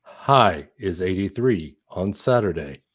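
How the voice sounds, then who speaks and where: A man imitating a monotone robot male TV weather announcer, reading a forecast flatly and carefully. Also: low-pitched, slow pace, breathy edge, voice pushed down, heavily acted. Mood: deadpan.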